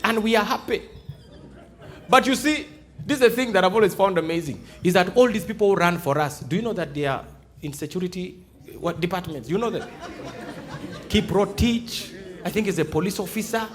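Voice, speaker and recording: A man's voice: high voice, a little fast, long pauses. A man from Uganda with a Ugandan English accent, performing live stand-up comedy in a theatre and acting out dialogues. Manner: animated, acts out dialogues in shifting voices. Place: large theatre stage before a live audience.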